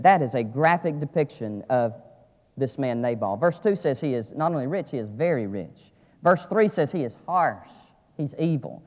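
A man preaching a sermon, dropping to quiet asides and rising to loud, emphatic climaxes. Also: animated, normal speed. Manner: swings from low asides to shouted climaxes. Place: church sanctuary. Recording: lo-fi audio with long church reverb.

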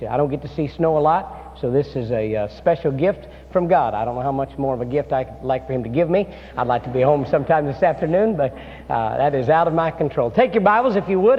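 A man preaching a chapel sermon as a guest preacher, folksy and storytelling, with many filler "uh"s. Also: fairly high pitch. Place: seminary chapel. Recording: dull sound in a reverberant hall.

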